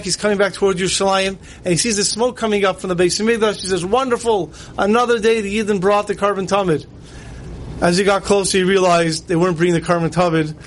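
High-voiced man preaching emotion. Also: a little hiss or hum, rough recording. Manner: emotional, acts out voices in stories, drawn-out pleading. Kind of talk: sermon storytelling.

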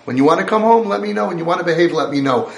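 A man's voice: sits high, expressive, rapid-fire, gravelly, roomy sound. A man voicing a stern, dismissive father who lords it over his family and tells them to go right ahead. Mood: taunting. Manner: taunting, lording it over.

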